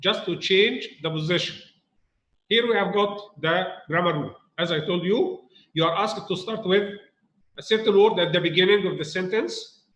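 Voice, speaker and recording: A man teaches a grammar point to students, repeating himself and asking whether it is clear. His voice sits high for a man, and it rings around a reverberant room. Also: moderate pace, a bit bright, muffled recording. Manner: repeats points, asks students rhetorical questions. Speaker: English teacher. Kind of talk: recorded grammar lesson.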